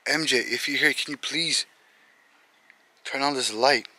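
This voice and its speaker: A frightened young man vlogging outdoors at night by his car, talking in a hushed, jittery, breathless way. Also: mid-range voice, measured pace, no room sound. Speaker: ghost-hunting vlogger. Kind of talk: tense casual vlog narration. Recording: noisy outdoor camera audio.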